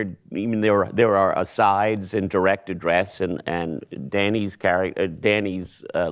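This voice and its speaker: A man with a lowish voice and a gravelly edge, talking casually in an interview. He is wry and chatty, laughs between his thoughts, and keeps backing up and restarting his sentences as he thinks out loud. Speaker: stage actor, interview guest.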